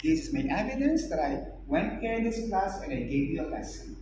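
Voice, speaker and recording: A male English teacher giving a classroom lesson, speaking loudly and emphatically, repeating points and pressing students to answer. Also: high voice, very animated, fairly quick, background noise. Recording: far-off echoey classroom recording.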